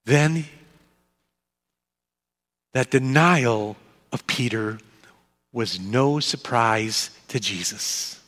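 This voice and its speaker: A man preaching a sermon, telling the story dramatically and dropping to soft, low tones at key moments. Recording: echoey hall.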